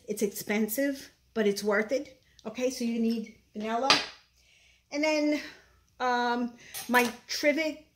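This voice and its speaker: A woman with a Brooklyn accent, chatting casually through a home cooking demonstration in her kitchen, opinionated and full of fillers. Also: a little high. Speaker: home cook. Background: clattering dishes and utensils.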